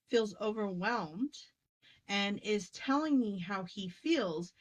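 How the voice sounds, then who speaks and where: A woman talking about inner healing in a casual teaching conversation, emphatic and lively, acting out quoted voices as she goes. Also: medium pitch, takes it slowly, rough recording. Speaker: spiritual teacher.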